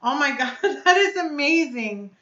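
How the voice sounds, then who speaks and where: A woman's voice: high voice, expressive, unhurried, fairly bright tone, echoey room, lo-fi sound. A woman hosting a casual live stream, chatting effusively and answering her viewers' comments aloud. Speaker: vape reviewer hosting a live chat.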